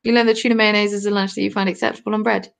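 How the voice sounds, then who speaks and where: Talking very fast in a level tone with vocal fry, a medium-pitched woman in her twenties from southern England hosts a crafting stream. She knits in her cold home and casually responds to viewer comments.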